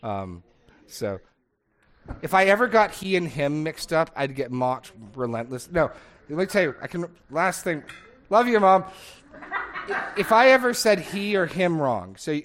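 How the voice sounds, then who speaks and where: A middle-aged man leading a casual Bible study discussion, chatty and digressive, laughing often as he talks. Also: fairly high pitch.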